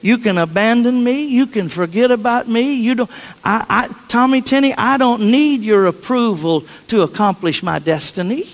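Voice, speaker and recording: A man's voice: very high-pitched, normal speed. Man voicing a defiant little lemon tree. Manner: defiant, proud.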